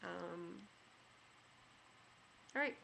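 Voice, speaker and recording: A young woman with a slightly low voice tells a personal story into her camera, rambling and leaning on "like" and "you know". She sounds emotional throughout, close to getting choked up, and a faint hiss runs under the recording. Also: animated, very slow, vocal fry, sharp tone. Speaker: vlogger.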